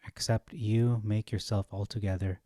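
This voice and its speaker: A man with a low, mellow voice works through scripture verse by verse. He thinks aloud, stops on fillers and corrects himself as he goes. The recording is close and dry. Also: steady tone, normal speed, dry recording. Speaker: Bible study teacher. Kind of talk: reading and commenting on scripture.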